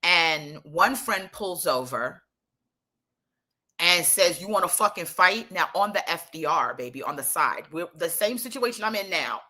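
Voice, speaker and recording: A woman telling a story in casual chat, animated and profane, rambling through asides. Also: lowish voice, measured pace.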